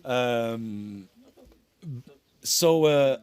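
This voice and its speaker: A man's voice: mid-range voice, very slow, a little mellow, smooth, no room sound. A middle-aged man, a composer giving a conference lecture on his work, rambling and correcting himself with apologetic asides. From France.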